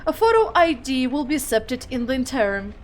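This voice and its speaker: A woman voicing a formal corporate admin notice in a flat, official manner. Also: high-pitched, a little fast, slight background noise. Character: stiff corporate admin announcement.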